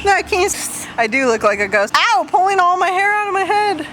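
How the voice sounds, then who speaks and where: A woman's voice: very high voice, sing-song, brisk. A woman playing with children on a trampoline, laughing often and calling out playful exclamations, recorded on a camcorder. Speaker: vlogger. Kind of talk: casual home-video play with children. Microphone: built-in camcorder mic. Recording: loud noisy camcorder audio.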